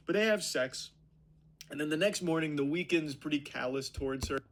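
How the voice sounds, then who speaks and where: A man's voice: a little high, moderate pace, noisy background. A man giving a casual spoken movie review, retelling the plot in a rambling way full of fillers.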